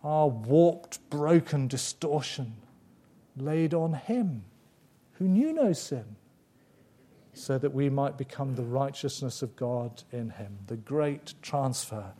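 Guy preaching, warm mellow voice, slows down and repeats stuff for emphasis. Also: medium pitch, lively intonation, husky. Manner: emphatic, with dramatic pauses and repetition. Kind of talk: sermon.

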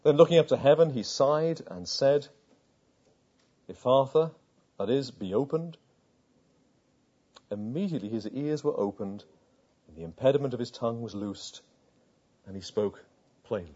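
Male preacher, earnest, rhetorical, mellow and husky; lo-fi recording. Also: mid-range voice, animated, normal speed, long pauses. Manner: earnest storytelling with rhetorical questions, hushed at tender moments. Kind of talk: sermon. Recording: dull lo-fi sound.

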